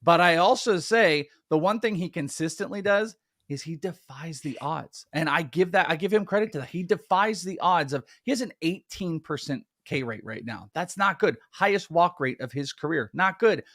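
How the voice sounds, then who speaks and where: A man's voice: a little high, lively intonation, moderate pace, a bit bright, no room sound, clean studio sound. A man co-hosting a live fantasy baseball stream, making emphatic points and repeating his key lines. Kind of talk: casual live-stream chat.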